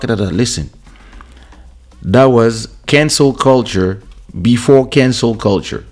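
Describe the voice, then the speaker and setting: A man hosting his own show, telling a casual story about his music career. He talks in a relaxed way and often repeats words as he goes. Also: lowish voice, normal speed. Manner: relaxed anecdotal, stammering repeats. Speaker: host and musician. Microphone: studio podcast microphone.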